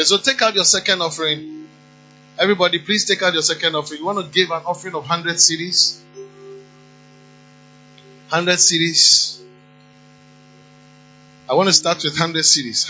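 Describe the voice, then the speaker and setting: A man preaching in church, his voice pitched high and cutting hard through the room. He exhorts the congregation and calls out offering amounts in a repeating chant. The recording is dull and lo-fi, with soft music playing underneath. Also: fairly even intonation, moderate pace, pauses often. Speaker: pastor. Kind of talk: sermon and offering appeal.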